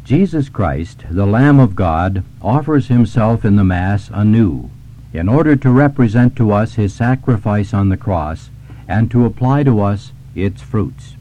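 Solemn low-voiced man reading devotions. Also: lively intonation, dark tone, rough recording. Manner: measured, solemn. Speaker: preacher.

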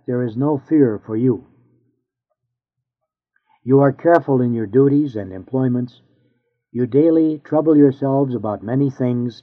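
Male reader, earnest measured sermon delivery, mid-range voice, phone-thin audio. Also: medium pitch. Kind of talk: reading an old sermon aloud. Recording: tinny phone-like sound.

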